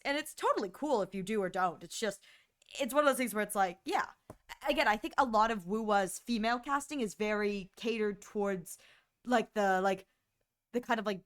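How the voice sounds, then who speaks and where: A woman's voice: on the high side, fairly bright tone. A woman streamer chatting casually on a livestream, rambling with lots of fillers and acting out her own reactions in quoted asides.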